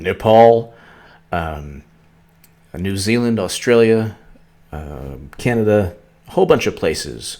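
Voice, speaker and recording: A man hosting a political commentary vlog, rambling and sarcastic, often stumbling and restarting his sentences. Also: on the low side.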